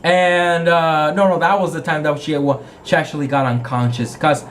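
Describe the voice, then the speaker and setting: A man's voice: fairly high pitch, fairly even intonation, normal speed. A man acting as game master, casually retelling a tabletop game session in a rambling way and often correcting himself.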